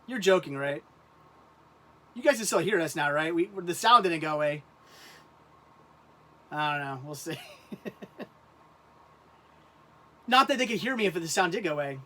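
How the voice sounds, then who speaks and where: A man hosting a casual livestream, talking in halting, rambling bursts and laughing often. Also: a little high, lively intonation, pushed and bright. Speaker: livestream host.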